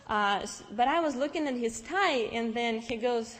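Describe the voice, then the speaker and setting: A young woman with a Russian accent, Russian-speaking by birth, telling her personal faith story to an audience in a lively, storytelling way. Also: fairly high pitch, normal speed. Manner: lively storytelling with restarts and acted-out dialogue. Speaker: speaker giving testimony. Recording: long reverb from a large hall.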